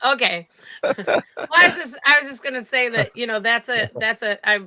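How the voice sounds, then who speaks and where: A woman co-hosting a casual online chat show, chatty and prone to halting restarts. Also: on the high side, pushed and bright. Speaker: co-host.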